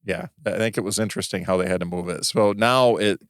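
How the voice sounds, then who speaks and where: A man co-hosting a podcast in casual chat, telling stories in a rambling, halting way with many restarts. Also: low-pitched, fairly even intonation, clean tone, no room sound, clean studio sound. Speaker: podcast co-host.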